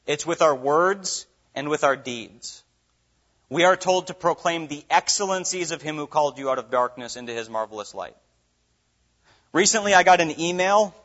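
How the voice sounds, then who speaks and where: A man's voice: fairly high pitch, fairly bright tone. Earnest male pastor preaching, dull lo-fi. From Minnesota. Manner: earnest preaching with rhetorical questions. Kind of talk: sermon. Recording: dull lo-fi recording.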